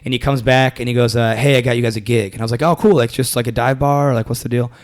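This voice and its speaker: Fast-talking young man telling a story. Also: medium pitch. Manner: rambling, animated, lots of fillers and restarts. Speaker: comedian guest. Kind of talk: casual storytelling interview.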